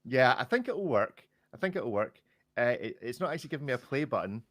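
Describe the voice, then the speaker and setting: A man's voice: mid-range voice, very animated, fairly quick, a bit bright, no echo, clean studio sound. A man hosting a casual podcast, chatty and joking, laughing often. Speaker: podcast host.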